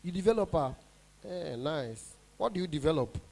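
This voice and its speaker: Nigerian comedian MC, high bright voice. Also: male voice, lively intonation, moderate pace, gravelly. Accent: Nigerian English. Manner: banters with the audience, mixes in pidgin. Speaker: stand-up comedian and event MC. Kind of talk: stand-up comedy at a party.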